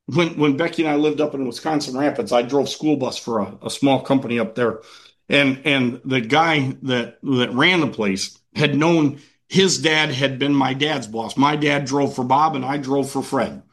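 A man's voice: mid-range voice, normal speed, a bit bright. A man preaching a conversational sermon as pastor, telling the passage in a folksy way with frequent restarts. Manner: folksy, repeats and restarts words.

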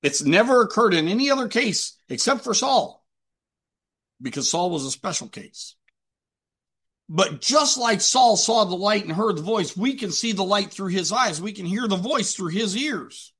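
A man's voice: high-pitched, expressive, moderate pace, a bit bright, husky. A man preaching a sermon emphatically, with rhetorical questions and repetition.

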